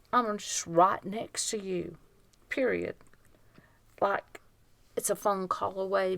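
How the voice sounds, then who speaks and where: Slow, gravelly woman co-host. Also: on the low side, fairly bright tone, dry recording. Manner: earnest, emphatic, slow and deliberate. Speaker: podcast co-host. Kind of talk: casual chat.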